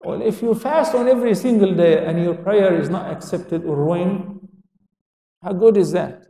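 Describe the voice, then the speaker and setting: In a hall full of echo, with the mic well away from him, an Islamic lecturer addresses an audience. His voice is high, gravelly and dark-toned, at normal speed, and he poses questions only to answer them himself, quoting in Arabic.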